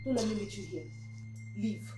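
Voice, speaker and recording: A woman's voice: mid-range voice, normal speed, lightly acted. An actress playing a jealous, stern madam who fires her cook with cold, cutting accusations. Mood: accusing. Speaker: employer. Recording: echoey room with music.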